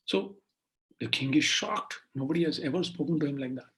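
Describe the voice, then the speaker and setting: A man's voice: fairly high pitch, brisk, poor audio. A man, telling a story in a sermon and acting out each character's voice. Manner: animated, acts out the story's voices. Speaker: preacher.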